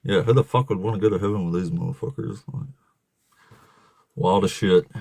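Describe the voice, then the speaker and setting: A man's voice: deep voice, fairly quick, creaky, a little mellow, slightly rough, dry recording, studio quality. A man hosting a livestream debate, mocking and swearing constantly while talking over callers. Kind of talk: profane casual livestream chat.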